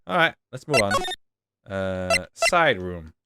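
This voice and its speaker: A man casually reading a detective game's dialogue aloud in a wry, relaxed playthrough. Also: low-pitched, takes it slowly, heavy background noise. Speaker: game streamer reading all characters. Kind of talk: game playthrough voicing the text. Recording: voice over loud game music.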